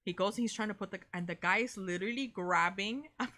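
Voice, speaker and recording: A young woman, co-hosting a casual chat and telling a story in an animated way, swearing freely and saying "bro" a lot. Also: medium pitch, fast talker. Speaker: co-host of a reaction channel.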